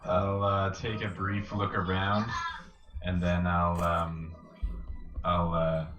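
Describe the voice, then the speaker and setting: A player in a tabletop role-playing game who describes his character's moves hesitantly, with frequent pauses. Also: deep voice, completely flat delivery. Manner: hesitant, full of uh and um. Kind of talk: casual tabletop play over a call. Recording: distant, dull, echoey audio with loud music.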